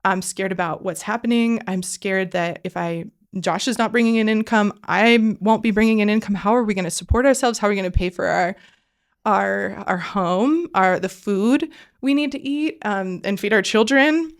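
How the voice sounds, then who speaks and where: A woman in her thirties, a podcast guest, telling an emotional personal faith story in an earnest way with lots of fillers, often going hushed when she quotes her prayers. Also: mid-range voice, moderate pace.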